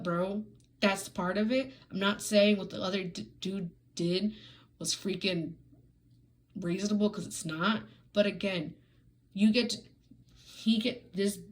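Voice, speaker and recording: A woman's voice: mid-range voice, darkish tone, poor audio. A woman giving a casual, sarcastic book review, ranting in an exasperated way with frequent "like" fillers and restarts.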